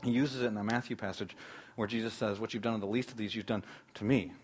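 A man preaching a sermon, emphatic, swinging between loud declarations and quiet, hushed asides. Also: lowish voice, steady tone, fast, a little hiss or hum. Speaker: pastor.

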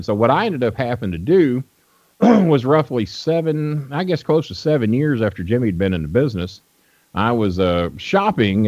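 An older man with a low voice tells rambling, blunt stories on a radio show. His speech is full of fillers and restarts. The dry, dull lo-fi audio sounds like an old broadcast. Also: darkish tone, no room sound. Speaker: guest wrestling manager. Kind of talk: storytelling in a radio interview.

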